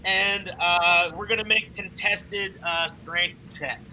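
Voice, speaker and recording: A young man runs a tabletop game with a high, very bright voice. He narrates loosely with lots of fillers. Faint noise hums behind him. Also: steady tone, takes it slowly, low-quality recording. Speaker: game master.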